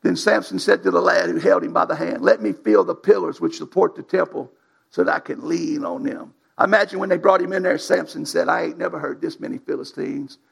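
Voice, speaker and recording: A preacher with a strongly gravelly, raspy voice that sits high for a man. He preaches in a folksy, emphatic way, reading scripture and exhorting his congregation in plain colloquial speech. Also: fairly even intonation, fairly quick. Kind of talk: sermon.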